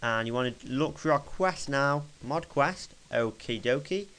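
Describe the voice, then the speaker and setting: Young man, smooth clear voice, casual software walkthrough, rambling and chatty, desk mic. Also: mid-range voice, expressive, unhurried, poor audio. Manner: chatty, rambling, self-correcting as he clicks. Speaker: tutorial maker. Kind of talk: casual screen-recorded software tutorial.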